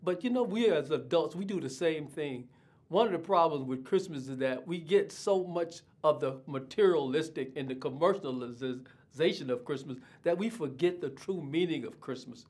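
Older pastor guy doing an online sermon, bit high voiced, lots of uhs, takes his time. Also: expressive, a little mellow, husky. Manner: unhurried, many uh fillers, repeats words while thinking. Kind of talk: online sermon with prayer and scripture reading.

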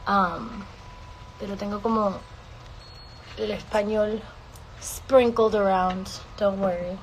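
A woman's voice: on the high side, slight background noise, poor audio. A woman singer casually answering fan questions on a livestream from home, playful and swearing freely. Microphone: phone.

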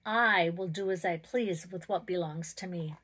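A woman's voice: a little slow, close to an everyday voice. Give me a woman voicing a selfish, ranting male pond spirit. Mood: cold. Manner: ranting, high and loud when upset.

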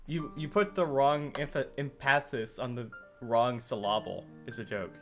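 A man's voice: medium pitch, fairly even intonation, measured pace, a bit bright, faint music behind. A man co-hosting a visual novel playthrough, cracking jokes and teasing his partner, often laughing as he talks. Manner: joking, teasing, laughs through his lines. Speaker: co-host of a let's-play. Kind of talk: casual banter during a playthrough.

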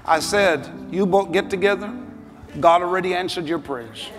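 A middle-aged man preaches in a sanctuary, his voice pitched high and full of animated storytelling. The sound carries a long hall reverb. Music plays clearly beneath him. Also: normal speed. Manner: animated storytelling, rising to shouted altar call. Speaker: bishop, pastor. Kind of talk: sermon. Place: large church sanctuary.

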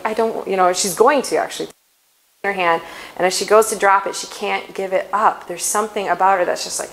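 A woman giving a faith-based inspirational talk at a conference, chatty and quick to laugh, often correcting herself mid-sentence. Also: medium pitch, a little hiss or hum, poor audio. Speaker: conference speaker.

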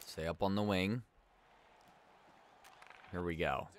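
A man's voice: low voice, fairly even intonation, slow, slight background noise. A young man giving laid-back, yawning commentary while playing a hockey video game, reacting aloud to each play. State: sleepy, yawning. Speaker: let's play gamer. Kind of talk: casual gameplay commentary.

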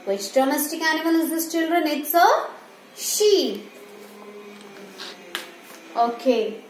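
A teacher with a high, very animated voice slowly revises animals with young pupils in a school classroom. She asks questions, answers them herself and copies animal sounds, with the echoey room carrying faint ambient noise.

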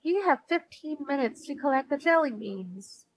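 A woman voicing a bossy, cheerful girl who runs the games, in a bright announcer tone. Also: high-pitched, animated, moderate pace, low-quality recording.

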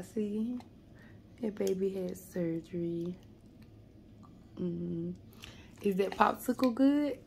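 A woman's voice: medium pitch, takes it slowly, vocal fry, pauses often, a little mellow, slight background noise. A mother vlogging from a hospital room, emotional and fighting back tears while soothing her child. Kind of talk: casual family vlog.

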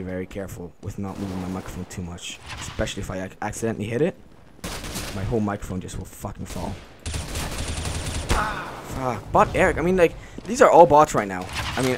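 A man giving live gameplay commentary, reacting out loud and swearing a lot as he plays. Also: lowish voice, expressive, brisk, noisy background. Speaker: gaming channel host. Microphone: desk mic on a stand. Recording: loud gunfire under the voice. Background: shooter game gunfire.

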